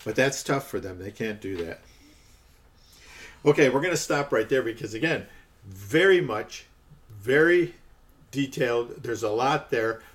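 A man's voice: mid-range voice, expressive, measured pace, pauses often, a bit bright. A man giving a conversational podcast Bible teaching, often checking in with "okay" and stressing the quoted lines.

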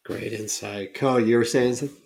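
A man's voice: medium pitch, steady tone, a little fast, creaky, a little mellow. A man hosting a panel, cutting in briefly to comment and hand the floor to others. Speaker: host. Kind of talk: casual panel conversation.

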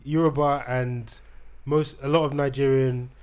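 A man's voice: medium pitch, little pitch movement, measured pace, darkish tone, smooth. A young man hosting a casual chat, rambling and teasing with frequent restarts. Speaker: podcast host.

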